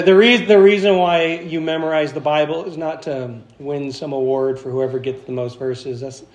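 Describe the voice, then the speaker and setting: A man preaching an emphatic sermon as pastor, slowing down to stress key phrases. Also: a little high. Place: church sanctuary. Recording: echoey church hall.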